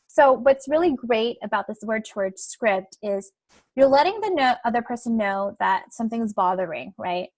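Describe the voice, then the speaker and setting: Chatty young woman coach, higher voice. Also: lively intonation, normal speed, a little mellow, no room sound. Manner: conversational, frequent "right?" and "like" tags. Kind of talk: coaching webinar talk.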